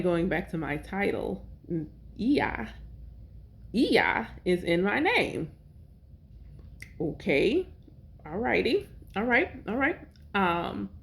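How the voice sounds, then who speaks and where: A woman hosting a podcast, talking casually about names and numerology, pausing often to correct herself. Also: lowish voice. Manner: conversational, with self-corrections and fillers. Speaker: podcast host and priestess. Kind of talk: casual spiritual talk.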